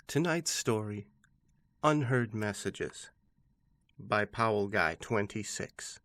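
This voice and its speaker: A man, host of a horror channel, giving a scripted narration of a scary story in a steady, measured way. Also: lowish voice, dry recording. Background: faint background music.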